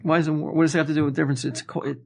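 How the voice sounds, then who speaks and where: A man's voice: a little high, level tone, very fast, creaky. A man co-hosting a podcast, rambling through a story in casual chat and laughing often. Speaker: podcast co-host telling a story.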